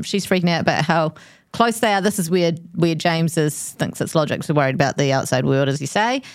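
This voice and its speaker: A woman hosting a podcast, recapping the episode in a chatty, quick way. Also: on the low side, clean tone, no room sound, clean studio sound. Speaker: podcast host. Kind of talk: casual chat.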